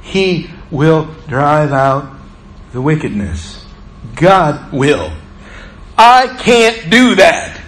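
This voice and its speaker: Male pastor preaching, high-pitched, swings from emphatic to hushed, faint noise in the room. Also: big pitch swings, very slow, poor audio. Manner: preaching with emphatic rises and hushed low drops. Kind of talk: sermon.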